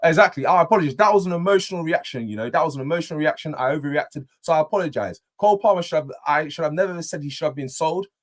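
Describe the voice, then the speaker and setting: A man's voice: on the high side, very fast, hardly any pauses. A young man, chatting animatedly as a panelist on a football fan show, repeating phrases as he talks. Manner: animated, repeats himself, self-deprecating. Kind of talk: casual football fan chat.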